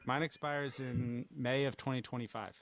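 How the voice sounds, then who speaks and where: A man co-hosting a podcast, trading quick, blunt banter in casual chat. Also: medium pitch, fairly even intonation, a bit bright. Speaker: podcast co-host.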